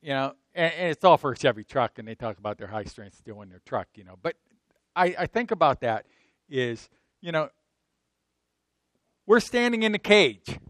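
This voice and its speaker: A middle-aged man preaching a sermon in a conversational way, swinging from loud emphatic bursts to soft asides and asking his listeners frequent rhetorical questions. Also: a little high, big pitch swings, moderate pace, pauses often, no echo. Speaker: pastor.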